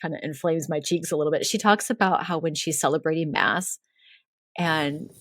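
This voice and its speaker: A woman's voice: sits low, fairly even intonation, normal speed, no echo, studio quality. A woman hosting a podcast, retelling a story in casual chat, giggly and full of "like" fillers. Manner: giggly, chatty, lots of "like" fillers. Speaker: podcast host.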